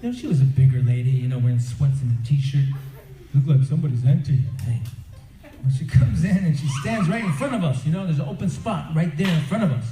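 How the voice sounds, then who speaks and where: A man telling stories to a youth audience in a conversational, animated style, with a frequent "you know." His voice is fairly high but mellow and dark-toned. It rings in a roomy, echoing venue with faint ambience behind. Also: brisk. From Crow Reservation, Montana. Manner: animated storyteller, acts out characters. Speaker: performer and motivational speaker. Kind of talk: storytelling talk to youth. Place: event hall.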